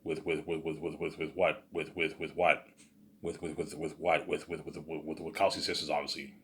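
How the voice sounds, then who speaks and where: A man spins an improvised story in a loose, boastful ramble, tripping over restarts and leaning on the same filler phrases again and again. His voice is low and husky, with a breathy roughness. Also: little pitch movement, moderate pace. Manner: repetitive filler, stumbling restarts. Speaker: storyteller, vlogger.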